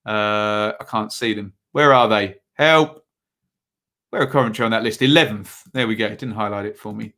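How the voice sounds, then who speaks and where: Bright-voiced man chatting football. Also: lowish voice, fairly even intonation, fairly quick, hardly any pauses. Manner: chatty, reads viewer comments aloud, many fillers. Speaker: football preview host. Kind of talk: casual livestream chat.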